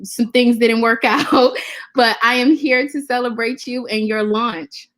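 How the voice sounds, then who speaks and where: A woman joining a video call as a guest friend, talking in a warm, proud, gushing way. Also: on the high side, steady tone, a little slow. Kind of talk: casual video call chat.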